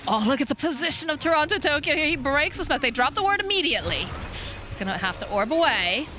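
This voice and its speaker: A woman giving energetic play-by-play commentary on an esports match, speeding up during fights. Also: sits high, fast talker, noisy background. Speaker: esports caster.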